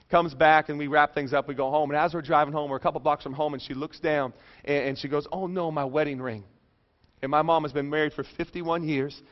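A middle-aged man preaching a sermon, telling a personal story with jokes and dropping soft and low for serious moments. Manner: animated, joking, drops soft and low for emotional parts. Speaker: pastor. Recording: dull lo-fi sound.

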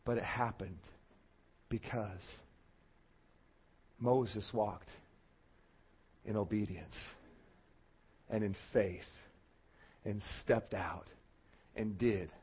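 A male pastor preaching a sermon, swinging from loud shouting to a hushed, intense murmur. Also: fairly low pitch, fairly even intonation, drawn-out words, pauses often, husky, lo-fi sound.

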